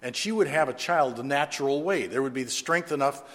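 A man's voice: mid-range voice, a little fast, a bit bright. A man preaching a sermon, earnestly reading scripture aloud and then explaining it conversationally in a church. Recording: long reverb of a large room.

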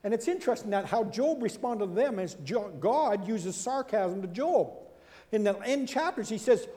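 Animated high-voiced male preacher. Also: moderate pace. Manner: animated, acts out quoted speakers with big swings in pitch and loudness; conversational asides and rhetorical questions. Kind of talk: sermon. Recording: long hall reverb.

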